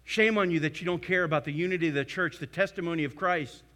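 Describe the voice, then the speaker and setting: A male pastor preaching with a high, sharp, forceful voice. He drives his points home emphatically, rising loud and then dropping to a hushed tone. The delivery is a sermon to a live congregation. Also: fast talker. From United States.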